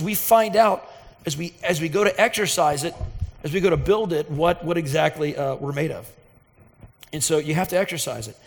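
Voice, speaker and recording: A man preaching a sermon as pastor, earnest and emphatic, telling a personal story with fervent intensity. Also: high-pitched. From Texas, USA. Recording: reverberant hall sound.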